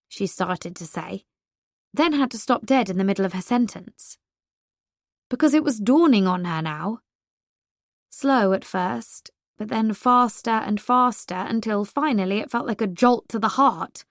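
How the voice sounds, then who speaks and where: A woman narrates a romance audiobook in a wry, even manner. Her voice sits at a middle pitch. The recording is dry and close. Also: unhurried, no echo.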